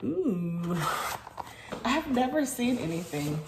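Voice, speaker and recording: Gushing woman vlogger, lively voice. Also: on the high side, slow. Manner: gushing and excitable, many "oh my gosh"s. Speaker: beauty vlogger. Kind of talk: casual vlog chat. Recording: echoey room with faint noise.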